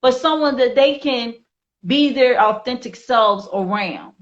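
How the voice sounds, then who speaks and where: A woman's voice: a little high, expressive, a little slow. A woman hosting a casual discussion show who speaks in an earnest, informal and opinionated way. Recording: slightly dull lo-fi sound.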